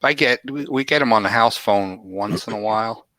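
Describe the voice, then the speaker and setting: Middle aged guy, low voice but bright and sharp, cracking jokes as a guest. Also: normal speed, no room sound. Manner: wisecracking, blunt. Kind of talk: casual chat.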